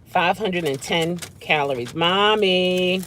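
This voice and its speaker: A woman's voice: lowish voice, takes it slowly, fairly bright tone, slight background noise. A woman vlogging casually from her car, chatting and humming over her food. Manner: chatty, savoring food with hums. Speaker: vlogger and rideshare driver. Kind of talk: casual chat while eating in a car.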